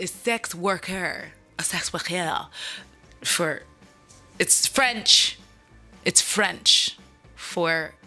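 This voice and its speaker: Bright-voiced woman recapping a movie. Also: fairly low pitch. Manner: chatty, talks straight to viewers with asides. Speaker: channel host. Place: at home.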